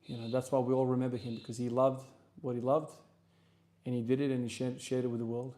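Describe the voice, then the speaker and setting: A man from South Australia with an Australian accent, chatting casually on a livestream between gym sets and answering questions from chat in a relaxed, rambling way. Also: medium pitch, fast talker. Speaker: streamer and lifter.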